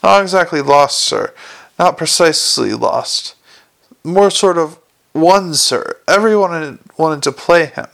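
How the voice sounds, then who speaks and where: A nervous little corporal of the city watch shuffles through his excuses, adding "sir" to everything he says, as a man reads him aloud. The voice is gravelly and sits a touch high, yet it stays smooth and clear. He mumbles and squirms through a storybook telling. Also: animated, a little slow, fairly bright tone, full character voice. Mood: anxious. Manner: anxious, mumbling, tacks "sir" onto everything.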